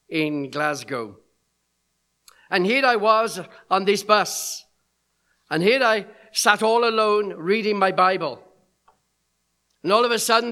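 Male preacher, middle-aged, bright tense tone; animated storyteller. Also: high voice. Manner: animated storyteller acting out quoted voices. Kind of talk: sermon storytelling.

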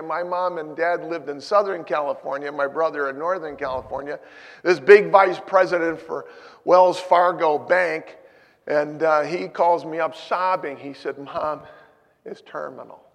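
A man preaching a sermon as pastor, moving between emphatic points and quiet personal storytelling. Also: on the high side, long reverb tail.

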